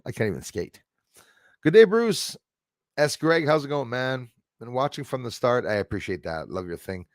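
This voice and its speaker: A man rambles through a casual livestream, reading out viewer comments, laughing often and trailing off with fillers. His voice sits at an ordinary middle pitch. The sound is dry and close, with no room echo. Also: big pitch swings, moderate pace. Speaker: livestream host.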